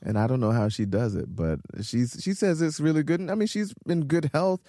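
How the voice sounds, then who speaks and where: A man's voice: on the high side, brisk, dark tone, no room sound, clean studio sound. A man hosting a radio show in casual chat, talking in a chatty way with laughs and lots of fillers. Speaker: radio host.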